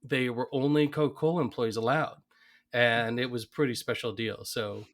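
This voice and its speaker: A man co-hosting a casual podcast chat, easygoing and quick to laugh. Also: medium pitch, fairly even intonation. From Atlanta area, USA. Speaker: podcast co-host.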